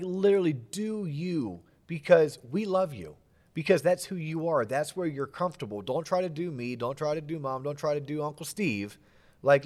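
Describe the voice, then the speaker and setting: Hosting a podcast, this middle-aged man has a voice on the high side with a slightly mellow quality. The interview feels like a casual, lively chat, and he often pokes fun at himself.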